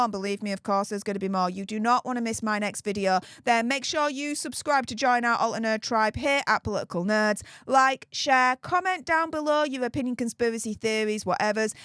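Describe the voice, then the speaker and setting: Riled-up high-voiced Northern English woman. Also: a bit bright, clean tone, no room sound, studio quality. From England. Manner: riled up, sarcastic, emphatic. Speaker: political commentary host. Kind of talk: opinionated commentary.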